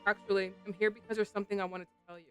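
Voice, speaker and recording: A woman voicing a guilt-ridden ghost schoolgirl, speaking softly, low and apologetic. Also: flat delivery, very fast, clear, resonant tone, soft background music, natural voice. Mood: remorseful.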